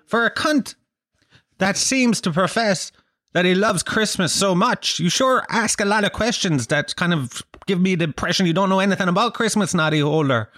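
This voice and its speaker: A man's voice: sits high, moderate pace, fairly bright tone, dry recording, studio quality. A man ranting in a casual vlog, sweary and sardonic. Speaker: vlogger. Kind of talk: casual rant to camera.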